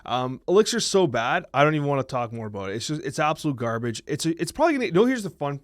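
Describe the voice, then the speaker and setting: A man in his thirties co-hosting a podcast, telling stories in a quick, animated, talkative way. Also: a little high, no echo. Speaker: podcast co-host. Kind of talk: casual chat.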